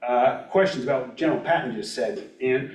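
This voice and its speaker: A man's voice: mid-range voice, fairly quick, distant mic. An older man at a library talk, telling folksy family stories and acting out quoted dialogue. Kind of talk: storytelling talk. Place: library meeting room. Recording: roomy hall, voice off the mic.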